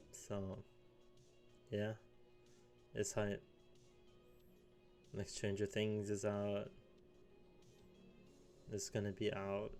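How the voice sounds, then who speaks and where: A man's voice: on the low side, gravelly, darkish tone. A young man in his late teens rambling casually in a solo vlog, full of fillers and little chuckles. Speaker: vlogger.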